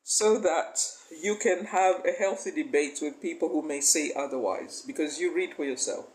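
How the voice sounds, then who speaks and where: A woman's voice: deep voice, moderate pace, darkish tone, rough recording. A woman life coach giving a faith-based motivational talk. She speaks emphatically, asks the listener questions and often breaks into laughter.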